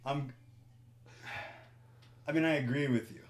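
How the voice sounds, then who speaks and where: A man's voice: medium pitch, steady tone, unhurried, reverberant. A man hosting a casual podcast chat, reading listener questions in a wry, exasperated way. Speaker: podcast host.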